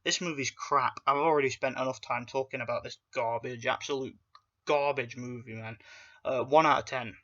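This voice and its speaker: Blunt, profane man with a bright voice. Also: mid-range voice, fairly even intonation, normal speed, dull audio. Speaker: movie reviewer. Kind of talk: casual ranting film review.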